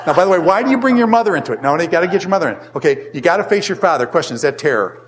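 Older man teaching a lively Bible class. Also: a little high, racing. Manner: animated storyteller, asks the class questions. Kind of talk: casual classroom Bible lesson.

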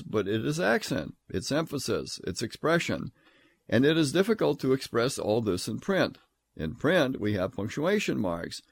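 A man's voice: mid-range voice, dry recording. Emphatic man lecturing on scripture. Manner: emphatic, reads scripture aloud in a measured solemn tone. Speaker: Bible teacher.

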